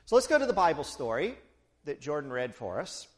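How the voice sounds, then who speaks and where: High-voiced, animated male preacher. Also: brisk. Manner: animated storytelling with playful asides. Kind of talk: sermon.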